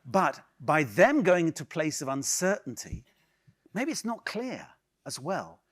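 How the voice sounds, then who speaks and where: A man's voice: fairly high pitch, huge pitch swings, measured pace. A man from England leading an improv workshop for a live audience, teasing and bantering with volunteers in a playful manner. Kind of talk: lively workshop talk. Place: conference hall with a live audience.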